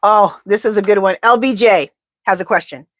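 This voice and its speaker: A woman's voice: medium pitch, normal speed, no echo. A woman tarot reader in casual live-stream chat, rambling and talking straight to her viewers.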